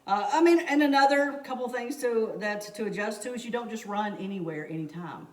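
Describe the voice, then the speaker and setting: An animated, fairly high-voiced woman chats about her experiences, repeating her points and breaking into laughter often. She sits back from the mic, so the room echo comes through. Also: a little fast, recorded from a distance. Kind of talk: casual chat.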